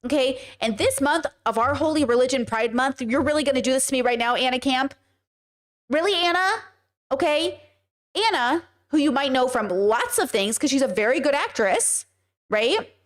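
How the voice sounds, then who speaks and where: Woman podcast host, fairly high voice, blunt and emphatic, swears a lot. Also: expressive, moderate pace. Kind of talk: casual commentary stream.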